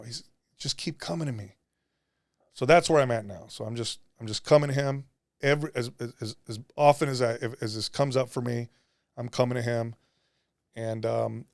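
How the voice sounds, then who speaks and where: Guy on a podcast talking faith real earnest, mid pitched, dry close sound. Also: dry recording. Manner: earnest, confessional, acts out his prayers. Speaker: podcast guest. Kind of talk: candid faith conversation.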